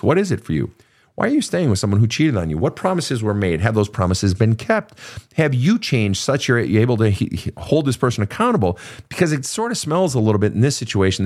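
A man's voice: on the low side, darkish tone. A man from Minnesota hosting an advice podcast, answering listener questions in a blunt, profane, casual way.

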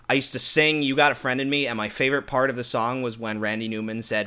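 A young man co-hosting a podcast in casual chat, animated, cursing often and laughing as he tells stories. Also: mid-range voice, fast talker, few pauses, clean tone. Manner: animated, swearing, breaks into laughter. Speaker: podcast co-host.

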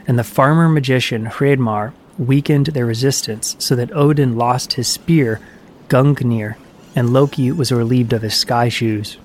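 A man narrating an audiobook of myths with measured, even storytelling. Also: mid-range voice, a little hiss or hum.

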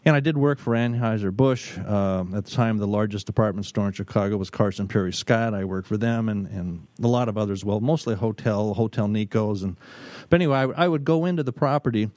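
A middle-aged man, a business consultant, telling stories in an emphatic talk, pausing often and repeating words. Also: on the low side, darkish tone, no room sound. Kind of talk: storytelling talk.

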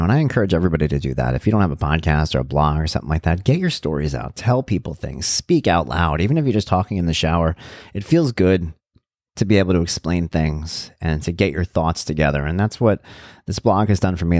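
Deep-voiced man hosting a candid podcast. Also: animated, fast, a little mellow, no echo, studio quality. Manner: reflective, candid, conversational. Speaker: podcast host. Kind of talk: casual personal podcast monologue.

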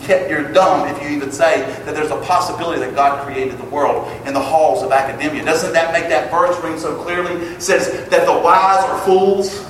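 A man preaching a sermon to his congregation, emphatic and building to loud exclamations. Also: on the high side, fairly even intonation, normal speed, few pauses, distant mic, a little hiss or hum. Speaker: pastor. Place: church sanctuary. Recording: echoey hall, picked up from afar.

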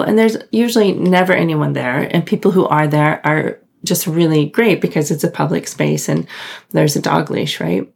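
A woman's voice: on the low side, vocal fry, a little mellow, slightly rough. A woman casually telling a personal story, rambling and restarting, breaking into short nervous laughs. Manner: rambling, self-interrupting, with frequent nervous laughs. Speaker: storyteller recounting a personal incident.

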